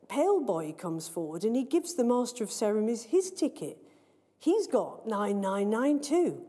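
Woman reading a story in a hall. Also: mid-range voice. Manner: lively, playful storytelling. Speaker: author reading her story. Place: large neo-Gothic library hall. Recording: long reverb of a large hall.

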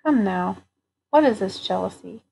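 A woman voicing a courteous, dutiful male captain in an audiobook reading, speaking formally and gently. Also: medium pitch, animated, a little slow, creaky, a little hiss or hum, low-quality recording.

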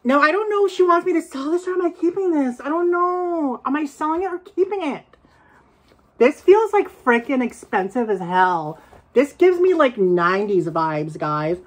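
A woman chatting casually as she unboxes and reviews secondhand bags, excitable and quick to gasp and laugh. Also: high-pitched. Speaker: reseller vlogger.

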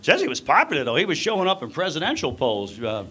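A middle-aged man doing energetic live stand-up on a club stage, teasing the crowd with punchy delivery. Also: a little high, fast. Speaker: stand-up comedian. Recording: live club audio with audience noise.

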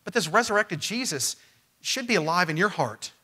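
High-voiced emphatic pastor preaching. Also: male voice, animated, normal speed, husky. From Missouri. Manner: emphatic, swings from loud to quiet. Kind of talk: sermon. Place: church.

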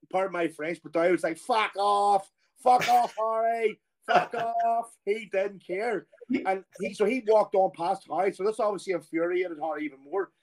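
A middle-aged Irish man, a former footballer, telling a long anecdote in a casual, animated way and acting out the people he quotes. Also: high voice. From Ireland. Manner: animated storyteller who acts out quoted voices.

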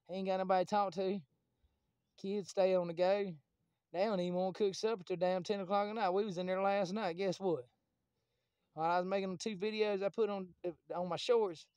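A man's voice: sits high, darkish tone, clear, resonant tone, no room sound. A man rambling casually and profanely to his camera as a vlogger.

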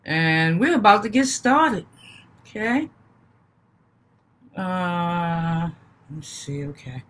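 Woman, 50s, live-stream seller, folksy, repetitive welcomes, slow pace, bright tone. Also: lowish voice. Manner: folksy, repeats welcomes over and over. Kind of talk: casual live-stream sales chat.

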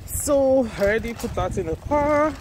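A woman talks straight to her viewers in a casual vlog, filmed on a handheld phone. She is chatty and excitable, running through her news with plenty of asides. It starts in a car, with vehicle noise behind her, and moves into a small home office. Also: a little high, moderate pace. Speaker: vlogger.

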